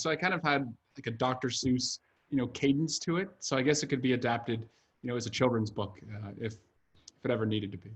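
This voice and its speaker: A man's voice: medium pitch, brisk. A man in his thirties, an author and congressman, talking earnestly with many "uh" fillers during a video-call interview. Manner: frequent "uh" fillers, earnest and fluent.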